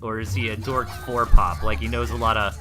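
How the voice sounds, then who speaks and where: A young man from the Southern United States casting a game replay live, rambling through joking side chats between quick play calls. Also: lowish voice, little pitch movement, music in the background. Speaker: esports caster.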